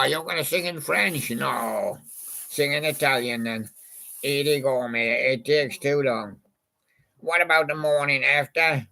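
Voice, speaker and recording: A man's voice: mid-range voice, gravelly, sharp tone. A man in a rambling, casual monologue, reminiscing about old songs and chatting to a toy badger. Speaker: channel host.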